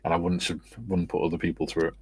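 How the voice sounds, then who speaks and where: A man's voice: sits low, completely flat delivery, fast, slightly rough, dry recording. An English man hosting a casual livestream chat, reading out viewer comments in a loose, amused, rambling way. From England. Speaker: livestream host. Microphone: streaming setup, video call.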